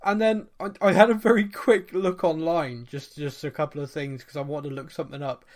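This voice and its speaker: A man's voice: fairly high pitch, steady tone, brisk. A British man hosting a casual podcast chat, chatty and fond of mocking posh voices. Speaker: podcast host.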